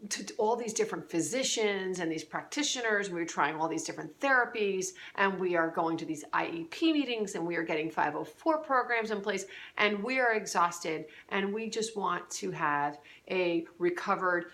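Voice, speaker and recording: A woman's voice: on the low side, moderate pace, few pauses, a bit bright. A middle-aged woman giving earnest, conversational parenting advice straight to camera, with fillers and restarts. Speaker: parenting coach. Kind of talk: direct-to-camera advice talk.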